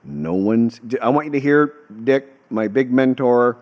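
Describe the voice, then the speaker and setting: A man's voice: mid-range voice, lively intonation, unhurried, muffled recording. Earnest, rambling man telling a story. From United States. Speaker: host. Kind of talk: casual storytelling monologue.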